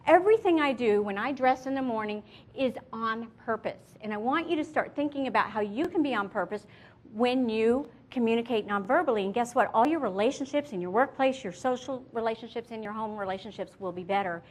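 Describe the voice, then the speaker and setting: A middle-aged woman, an image consultant, giving a lively motivational presentation and addressing her audience directly with stories. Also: on the high side, fairly quick.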